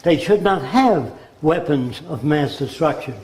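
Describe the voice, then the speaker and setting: A man's voice: a little high, lively intonation, unhurried, darkish tone, reverberant, low-quality recording. An older man giving a rambling, informal lecture and mimicking accents to make his points.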